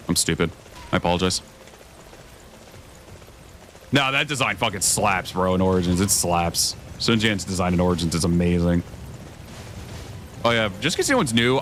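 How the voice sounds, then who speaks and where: A man's voice: sits low, fairly bright tone, a little hiss or hum. A young man streaming a video game, chatting casually with his viewers, swearing often and rambling between thoughts. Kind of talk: casual gameplay commentary.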